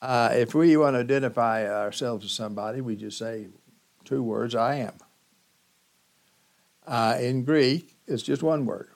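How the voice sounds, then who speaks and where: A man preaching a sermon as pastor, teaching slowly and emphatically with dramatic pauses. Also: medium pitch, creaky.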